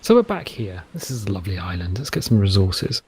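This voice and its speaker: A British man talks over his gameplay in a loose, joking ramble, now and then dropping into a silly pirate voice. His voice is a little husky, and his pitch swings lively up and down. He speaks into a headset. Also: a little fast. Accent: English. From Britain. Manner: rambling, playful, slips into mock pirate talk. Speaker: gameplay commentator. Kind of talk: casual let's-play commentary.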